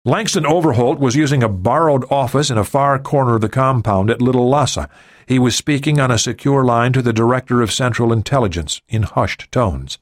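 A man reading a thriller audiobook in steady scripted narration. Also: mid-range voice, brisk, no room sound, studio quality.

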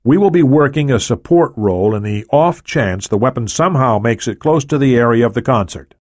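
A man voicing a calm male operations leader giving a briefing in an audiobook. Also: mid-range voice, fairly quick, close to an everyday voice. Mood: businesslike.

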